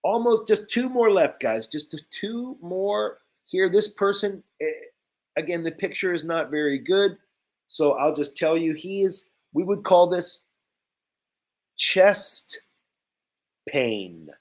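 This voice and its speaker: A man's voice: high-pitched, animated, takes it slowly. A man teaching English vocabulary to learners, speaking simply and repeating each key word. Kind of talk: slow, clear ESL vocabulary lesson.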